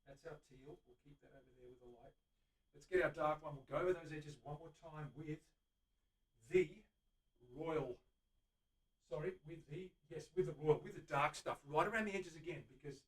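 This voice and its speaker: A middle-aged Australian luthier hosts a live-streamed demonstration in his guitar workshop, chatting eagerly to viewers while he works. His voice is a little high and fairly bright, recorded from a distance away from the mic.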